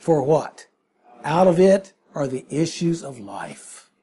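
A man's voice: on the high side, very animated, slow, mellow, slightly rough. A man preaching a sermon, emphatic and full of rhetorical questions.

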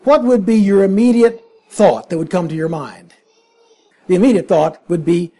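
A man's voice: high voice, normal speed, dark tone, slightly rough. A man preaching a sermon, emphatic and full of rhetorical questions.

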